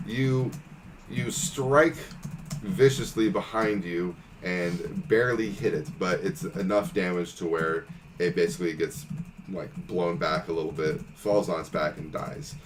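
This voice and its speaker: A man's voice: sits low, a little slow, far from the mic, a little hiss or hum, poor audio. A man narrating as game master for a tabletop game, casual and full of fillers like "um" and "like".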